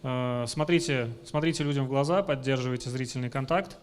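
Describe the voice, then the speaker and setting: A man's voice: medium pitch, fast. A man interpreting and summarizing a speaker's points at a conference. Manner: summarizes the speaker's points and adds his own remarks. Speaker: interpreter and co-presenter.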